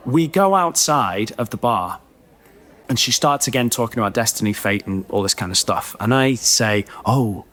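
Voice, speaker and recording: A man telling a comic story on a podcast, animated and self-mocking, with many chatty asides. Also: mid-range voice.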